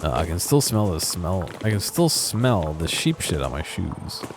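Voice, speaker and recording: A man's voice: low voice, big pitch swings, unhurried, noisy background. A man casually commentating a let's play video, chatting between reading the game's text aloud. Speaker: gaming video creator.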